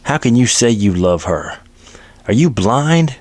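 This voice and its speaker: A man's voice: mid-range voice, animated, a little slow, a little mellow, dry recording, pitched above the performer's own voice. A man voicing a bigoted, sneering frontier doctor, spitting his words with contempt. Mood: contemptuous.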